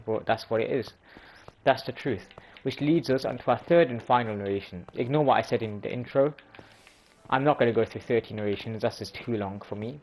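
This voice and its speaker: A man's voice: mid-range voice, darkish tone, slight background noise, low-quality recording. A man hosting a religious video, explaining sayings in an informal way, often restarting and correcting himself. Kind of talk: casual explanatory talk.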